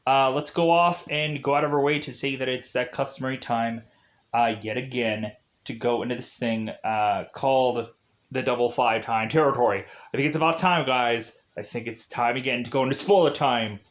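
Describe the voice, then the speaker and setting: A man's voice: mid-range voice, moderate pace. A man giving a casual spoiler review of a TV show, rambling with many fillers and frequent laughs.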